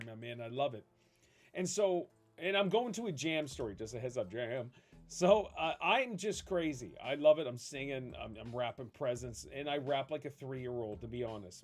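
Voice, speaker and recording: A man streaming a game, chatting casually with his viewers, enthusiastic and rambling, reading their questions aloud. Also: mid-range voice. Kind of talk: casual chat with live viewers while gaming.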